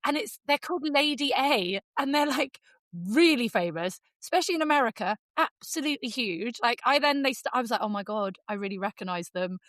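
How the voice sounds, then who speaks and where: Animated Englishwoman telling a funny story. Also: brisk, no echo. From England. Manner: animated, lively storyteller with jumps into high voices for quotes. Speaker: podcast co-host. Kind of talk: casual storytelling chat.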